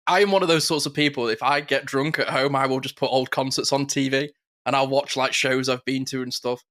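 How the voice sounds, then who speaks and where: A man co-hosting a podcast, chatting casually in a playful, animated way and laughing often. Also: mid-range voice, brisk. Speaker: podcast co-host and interviewer. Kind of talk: casual chat.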